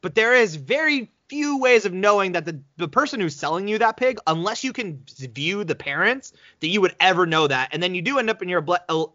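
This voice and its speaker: A man's voice: sits high, no room sound, dull audio. A man co-hosting a podcast in casual chat, telling stories animatedly and slipping into voices. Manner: animated storyteller, slips into voices. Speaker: podcast co-host.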